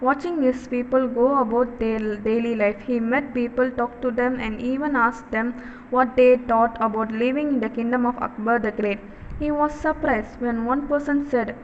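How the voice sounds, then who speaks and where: A woman reading a children's story aloud, halting and correcting herself as she goes. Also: fairly high pitch, steady tone. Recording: dull recording with long reverb and faint noise.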